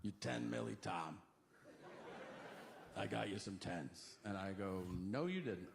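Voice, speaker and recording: A man's voice: fairly low pitch, measured pace, creaky. A man doing stand-up, telling a story and acting out both sides of the conversation. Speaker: stand-up comedian. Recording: live stage set with audience laughter.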